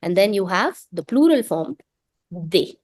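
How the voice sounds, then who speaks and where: A woman teaching French in an online class, explaining things patiently and repeating words slowly so that students can say them after her. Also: mid-range voice, very animated, darkish tone, no room sound. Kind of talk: online language lesson.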